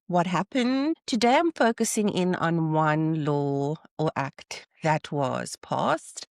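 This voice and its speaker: A woman hosting a casual solo podcast, talking in an animated way and acting out the people she quotes. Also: no room sound, clean studio sound. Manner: animated, acts out quoted people with rising pitch. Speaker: podcast host.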